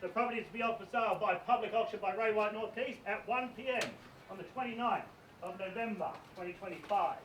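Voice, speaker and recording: A high-voiced man auctioneering a house sale, projecting formally as he runs through the contract and conditions. He is caught from well away from the camera, with a roomy echo around his voice and faint outdoor ambience behind. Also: fast, fairly bright tone, a little hiss or hum. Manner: projecting, reads out contract terms. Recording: distant and roomy, picked up from afar.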